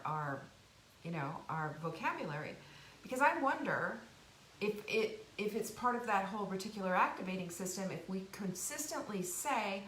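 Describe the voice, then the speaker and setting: A woman's voice: medium pitch, a bit bright. A woman with a middle-range voice talks chattily to her live audience, cheering them on and circling back over her words. The room sounds echoey, with a faint hiss under her voice. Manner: chatty, encouraging, many restarts and asides. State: sniffly from dust, coughing now and then. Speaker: host of a cooking and life show. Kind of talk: casual motivational live stream talk. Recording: roomy home live stream, faint hiss.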